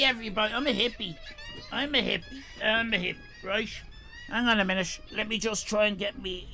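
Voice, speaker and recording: Irish guy streaming, shouty and sweary, high bright voice. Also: steady tone, brisk, gravelly, slight background noise. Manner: loud, profane ranting and shouting; comic exasperation. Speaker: livestreamer. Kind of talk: live stream chat.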